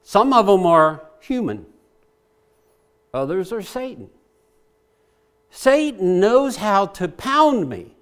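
Impassioned high-voiced male preacher. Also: very animated, slow, pauses often, clear, resonant tone. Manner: impassioned, praying aloud as he paraphrases scripture. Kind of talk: sermon.

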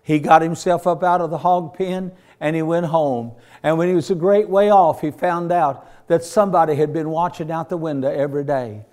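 A man's voice: fairly high pitch, darkish tone. A man preaching a sermon to his church, retelling stories with fervor and repeating phrases in rhythmic runs. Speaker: pastor.

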